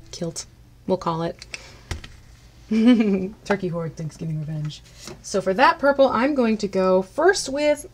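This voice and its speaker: Her voice is lowish, with slight background noise behind it. She's painting miniatures on a live stream, chatting casually, laughing a lot, and cheerfully greeting viewers by name.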